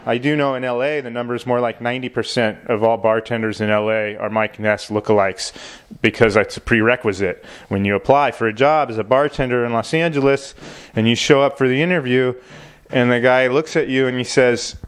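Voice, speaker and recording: A man's voice: mid-range voice, steady tone, fairly quick, clear, resonant tone. A man doing a rambling, profane stand-up monologue in a laid-back way. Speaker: comedian.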